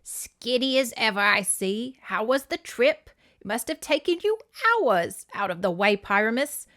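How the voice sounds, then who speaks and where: A woman voicing a brisk, welcoming elderly great-aunt in an exaggerated mock British accent, reading a storybook aloud. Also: a little high, expressive, a bit bright.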